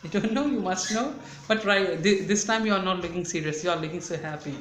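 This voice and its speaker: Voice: medium pitch, quick pace, fairly bright tone. An English teacher interviews students, asks question after question and repeats their answers back with light teasing. The room is echoey, with faint ambient noise behind. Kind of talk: classroom interview.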